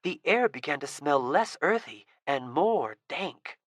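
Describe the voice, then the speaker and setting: A woman reading a fantasy audiobook with a low voice. Her narration is steady and expressive, recorded dry and close with no room sound. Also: unhurried, dry recording. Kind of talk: scripted narration.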